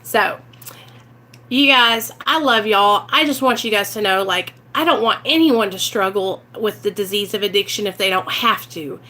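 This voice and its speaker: A woman's voice: mid-range voice, moderate pace, bright, forceful tone. A woman from Arkansas with a Southern accent, talking earnestly and emotionally to her viewers about recovery from addiction, from inside a car. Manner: earnest, emotional, sometimes near tears. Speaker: recovery vlogger. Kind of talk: heartfelt casual talk to viewers.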